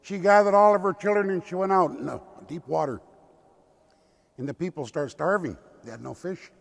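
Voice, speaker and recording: An older man from the Lummi Nation, a tribal elder telling a traditional story in a slow, deliberate way. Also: high voice, creaky. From Lummi Nation, Pacific Northwest. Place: cathedral. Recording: long cathedral reverb.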